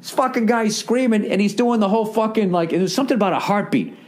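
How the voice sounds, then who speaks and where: A man's voice: sits high, fast, a little mellow. A middle-aged man, telling a rambling, profane comedic story as a podcast host. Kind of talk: casual comedic monologue.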